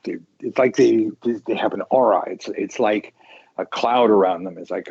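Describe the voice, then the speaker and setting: A man hosting a casual tarot talk show, rambling and animated, with many restarts. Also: lowish voice, a little slow, breathy edge, dry recording, highs cut off. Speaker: tarot podcast host. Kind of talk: casual chat.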